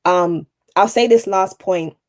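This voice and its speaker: With a mid-range voice and a slow delivery, a woman who works in TV presenting and voice-over speaks as a guest on a podcast. She offers earnest, encouraging motivational advice in conversation, repeating her main points.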